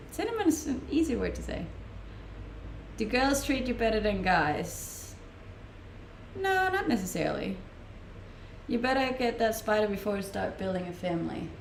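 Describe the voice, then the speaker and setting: A woman's voice: medium pitch, vocal fry, a little hiss or hum. A young woman from Denmark with a Danish accent, chatting casually on a live stream and answering viewers' questions, laughing often. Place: room at home, streaming. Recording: roomy home-mic sound.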